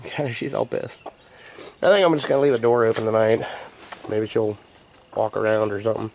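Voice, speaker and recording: A gravelly man rambles in a laid-back drawl, muttering asides as he films on a handheld camera. He is outside in a rural yard, and crickets chirp faintly behind him. His voice sits at a middling pitch. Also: fairly even intonation, a little fast, long pauses, darkish tone, slight background noise. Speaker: homesteading vlogger. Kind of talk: casual rambling narration. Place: outdoors in a rural yard by a chicken coop. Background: crickets and insects outdoors.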